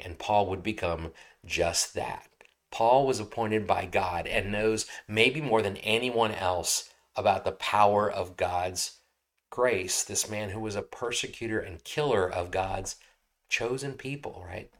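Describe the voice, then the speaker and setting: A man preaches a sermon to his congregation in an easygoing, talky manner. His voice sits on the lower side, and he keeps checking in with listeners as he explains scripture and tells stories. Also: measured pace, fairly bright tone. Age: adult, married. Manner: conversational, often asks "right?". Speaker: pastor.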